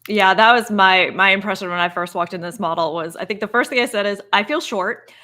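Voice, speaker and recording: A woman with a bright, crisp voice co-hosts a relaxed live broadcast. She talks with open enthusiasm, heaping praise in an easy conversational way. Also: medium pitch, brisk. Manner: gushing, enthusiastic. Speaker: co-host. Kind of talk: casual live-stream chat.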